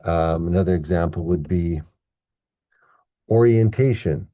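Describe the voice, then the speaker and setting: In an online English pronunciation lesson, a man with a low, warm voice patiently explains step by step. He slows down to demonstrate how words are stressed. The recording is dry, with clean studio sound.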